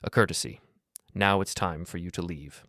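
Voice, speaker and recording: A man with a deep voice reading the lines of a cold, curt father in a storybook narration. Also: normal speed, fairly bright tone, no room sound, clean studio sound. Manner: curt, matter-of-fact. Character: cold dismissive middle-aged father.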